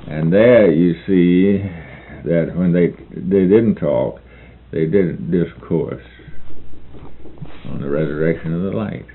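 Male reader-lecturer, deep and gravelly, unhurried, halting asides between read passages, narrow phone-like sound. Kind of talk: reading a novel aloud with commentary. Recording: phone-like narrow band with faint hiss.

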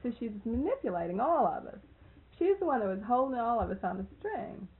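A woman's voice: on the high side, sing-song, a little fast. A woman casually telling a folksy anecdote, chuckling often as she goes. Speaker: storyteller. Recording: tinny phone-like audio with faint hiss.

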